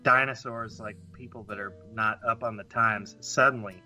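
A man co-hosts a relaxed comedy podcast, his voice bright and forward. He muses aloud and often trips into restarts. Soft music plays faintly behind him. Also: on the low side. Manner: musing, hesitant, halting restarts. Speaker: podcast co-host. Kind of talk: casual comedy chat.

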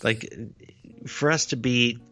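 Podcast cohost guy, bright voice, earnest and emphatic, trips over his words a bit. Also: medium pitch, steady tone, slow pace, soft background music. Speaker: podcast co-host. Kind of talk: casual chat.

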